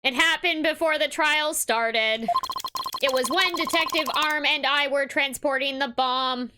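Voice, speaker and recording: A woman voicing a stiff adult male bomb-squad officer in a flat, robotic delivery, reading a game's dialogue aloud. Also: high-pitched, a little slow, noisy background. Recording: loud game music behind.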